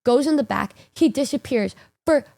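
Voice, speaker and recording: High-voiced young woman telling a story. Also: moderate pace, vocal fry. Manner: animated, swearing, laughing through the story. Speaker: streamer. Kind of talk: casual storytime.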